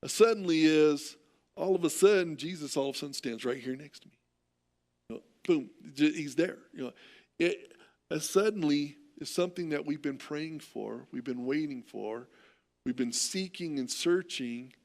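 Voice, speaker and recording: Middle-aged american pastor, gravelly voice, kinda high, gets excited and repeats himself preaching. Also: male voice, moderate pace. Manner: animated storytelling with repeated words. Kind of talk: sermon.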